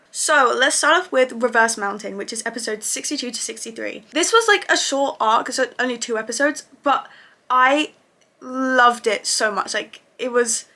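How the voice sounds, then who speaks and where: A woman casually reviewing anime episodes for her channel, gushing and excitable and swearing freely. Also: on the high side.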